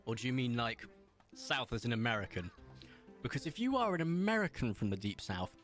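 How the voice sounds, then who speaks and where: A man's voice: medium pitch, very animated, fairly quick, fairly bright tone, faint music behind. A man from England, chatting casually with his live-stream chat while gaming and laughing often. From southern England.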